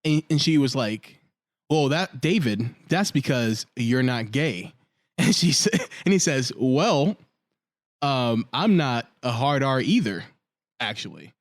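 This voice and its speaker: A man's voice: medium pitch, slow, dry recording, clean studio sound. A man co-hosting a casual podcast chat, telling stories and acting out quoted lines as he goes. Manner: animated storyteller, acts out quotes. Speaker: podcast co-host.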